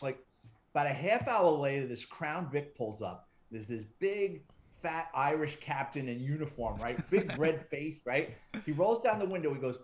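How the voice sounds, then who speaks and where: A middle-aged man with a slightly high voice tells stories from his police years, cursing freely and acting out the dialogue. He talks in a loose, animated interview style. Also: fairly quick, slight background noise. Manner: profane, animated anecdote-telling with quoted dialogue. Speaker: retired police detective, guest. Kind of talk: casual storytelling interview.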